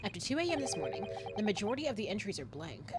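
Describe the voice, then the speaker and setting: A woman reading out the lines of a pompous, eccentric male detective in a lower, quieter voice, grand and wordy. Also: big pitch swings, very fast, over loud music, natural voice. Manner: grandiose, wordy, self-assured.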